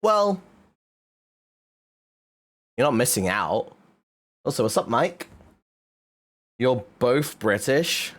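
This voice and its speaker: Animated, swearing male streamer. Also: medium pitch, takes it slowly, long pauses. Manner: animated, swears often, laughs a lot. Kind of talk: casual chat.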